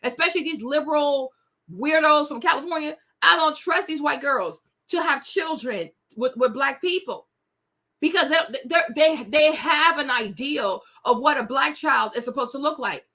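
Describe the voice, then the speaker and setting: A woman's voice: high voice, moderate pace, bright, forceful tone. A young woman hosting a celebrity gossip show, talking in a sassy, indignant way straight to her viewers. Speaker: host. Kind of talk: casual celebrity gossip commentary.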